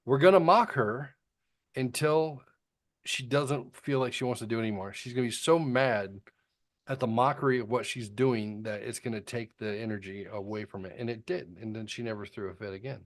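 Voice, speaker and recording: A man's voice: mid-range voice, moderate pace. A middle-aged man co-hosting a casual podcast chat, telling a long story bluntly, with plenty of fillers and the odd swear. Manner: rambling storytelling with frequent fillers. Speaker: podcast co-host.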